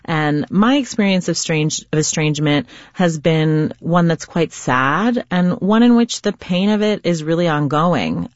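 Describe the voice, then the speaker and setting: A woman's voice: low voice, lively intonation, measured pace, few pauses, no echo. Reflective woman novelist, dry close sound. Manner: reflective, earnest, searching for words. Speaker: novelist, interview guest. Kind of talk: reflective interview answers. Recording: slightly dull lo-fi remote sound.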